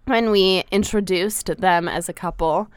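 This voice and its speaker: A young woman co-hosting a casual gossip podcast in a campus studio, teasing and quick to laugh. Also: mid-range voice, clear, resonant tone, dry recording. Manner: animated, teasing, laughs often. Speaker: podcast co-host.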